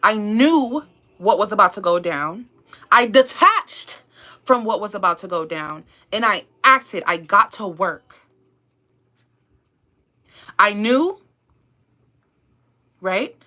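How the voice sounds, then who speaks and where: A woman's voice: mid-range voice, animated, slow, pauses often, sharp tone. A woman YouTuber giving an emphatic, repetitive motivational pep talk to her viewers, calling them y'all and babe.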